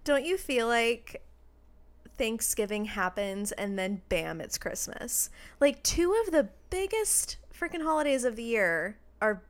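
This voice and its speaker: A woman co-hosting a casual chat show, chatty and quick to laugh. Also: on the high side, big pitch swings. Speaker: co-host.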